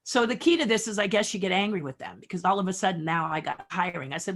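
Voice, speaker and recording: A middle-aged woman guest on a podcast, telling stories from her career and acting out the dialogue in lively voices. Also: lowish voice, fast talker, few pauses. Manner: animated storyteller acting out dialogue. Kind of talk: storytelling interview.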